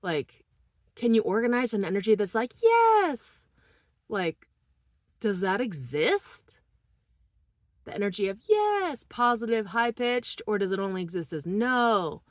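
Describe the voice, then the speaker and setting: Slow, distressed woman speaking softly. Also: mid-range voice, big pitch swings, no echo. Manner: halting, emotional, drifting between quiet murmurs and shaky laughter. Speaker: vlogger. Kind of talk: personal vlog monologue.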